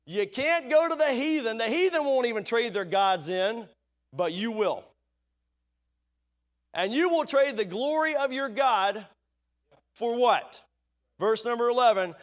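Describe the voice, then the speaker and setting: A man's voice: very high voice, expressive, a little slow, pauses often. A man preaching a sermon in a church, asking the congregation rhetorical questions and reading scripture aloud. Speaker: pastor. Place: church sanctuary.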